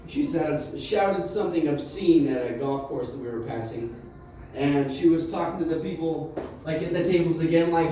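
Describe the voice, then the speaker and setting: A man doing a rambling stand-up set, telling a loose, halting story full of "like" and restarts. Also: on the high side, warm tone. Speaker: stand-up comedian. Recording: roomy, distant mic with faint room noise.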